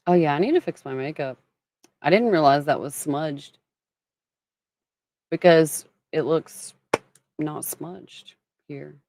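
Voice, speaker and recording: A woman's voice: deep voice, takes it slowly, pauses often, a little mellow, a little hiss or hum. A woman from Kentucky hosting a casual livestream, chatting and greeting viewers by name as she talks. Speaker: livestream host.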